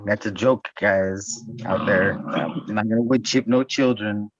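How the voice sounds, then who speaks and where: A man's voice: on the low side, unhurried, dry recording. A man hosting a podcast, joking crudely in profane, rambling banter. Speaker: podcast host. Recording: dull dry sound.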